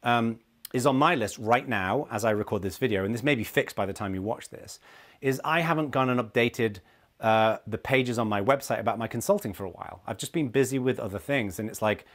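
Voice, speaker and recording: Animated man teaching leadership to camera. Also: medium pitch, brisk. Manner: animated, acts out quoted people. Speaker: leadership consultant. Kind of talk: talking-to-camera lesson.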